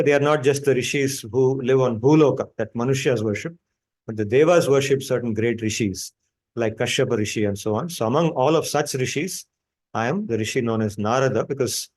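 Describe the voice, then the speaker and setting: A man's voice: medium pitch, a little mellow. A man teaching scripture to a class, explaining and retelling stories with frequent restarts. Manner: storytelling, explanatory, with many restarts.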